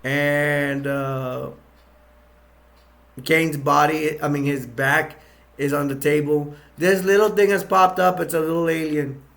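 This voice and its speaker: A man's voice: on the high side, flat delivery, takes it slowly, fairly bright tone. A man casually retelling a movie's plot, rambling with many fillers and restarts. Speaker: movie reviewer. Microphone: attached to a bag.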